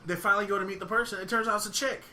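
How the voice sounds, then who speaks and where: A man's voice: high-pitched, steady tone, pushed and bright, a little hiss or hum. A man co-hosting a casual podcast, rambling with lots of "like" and teasing his friend. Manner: rambling, lots of "like", quick to tease. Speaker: podcast co-host.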